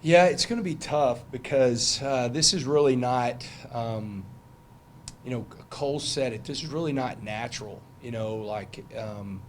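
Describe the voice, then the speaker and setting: A middle-aged football coach with a drawl fields press questions. He rambles in a relaxed, talky way, full of fillers and restarts, at a mid pitch. A faint hum sits under his voice. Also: measured pace. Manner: loose, conversational, many fillers and restarts. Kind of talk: press conference answers.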